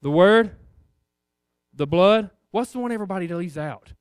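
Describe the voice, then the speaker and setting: A man preaching in a loose, conversational way, throwing questions out to the congregation. His voice is high and smooth, and it sounds dry and close. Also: expressive, moderate pace, no echo. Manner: conversational, rhetorical questions, addresses the congregation as guys. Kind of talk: informal sermon.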